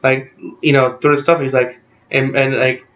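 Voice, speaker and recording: A man casually recapping a movie in a rambling, excited way, packed with "like" fillers. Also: mid-range voice, moderate pace, lo-fi sound. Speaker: movie reviewer.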